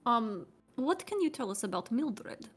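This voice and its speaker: A woman playing a tabletop game, narrating her character's actions in a dry, deliberate way. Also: fairly high pitch, sing-song, faint music behind. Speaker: player.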